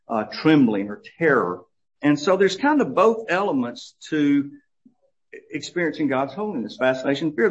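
A middle-aged man giving a conversational Bible teaching as a church teacher, telling stories with many fillers and restarts. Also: a little high. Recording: dull lo-fi recording.

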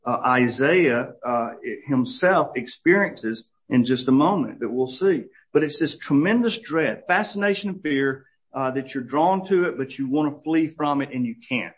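Middle-aged man, church teacher, storytelling sermon, many ums and restarts, muffled lo-fi sound. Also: mid-range voice. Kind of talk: conversational Bible teaching. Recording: dull lo-fi recording.

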